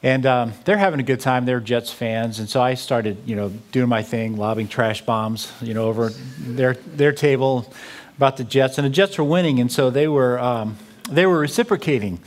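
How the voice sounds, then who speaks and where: A man's voice: medium pitch, normal speed. A man giving a talk to an audience, telling a humorous story full of quoted dialogue. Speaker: speaker on theology.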